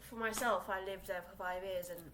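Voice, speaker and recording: A woman's voice: mid-range voice, steady tone, brisk, fairly bright tone, a little hiss or hum, low-quality recording. A young woman from South Korea who speaks English as a second language, hosting a casual solo podcast from her small room and rambling with lots of fillers and restarts. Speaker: podcast host.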